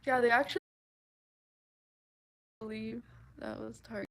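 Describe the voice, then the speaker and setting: A woman with a fairly high voice talks with her viewers at a measured pace in a steady tone, on a low-quality recording with some hiss or hum. Her casual livestream chat is full of giggles and laughter, and she acts out things people said.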